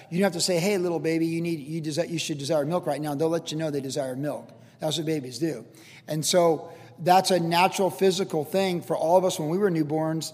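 A man's voice: fairly high pitch, darkish tone. An older man, preaching a sermon as a pastor in a conversational, earnest teaching style with casual asides. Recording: long hall reverb.

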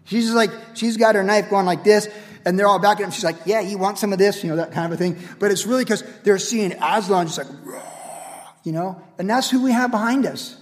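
High-voiced energetic male preacher. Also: fast. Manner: energetic, casual preaching with repeated refrains. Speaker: pastor. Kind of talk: radio sermon. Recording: long hall reverb.

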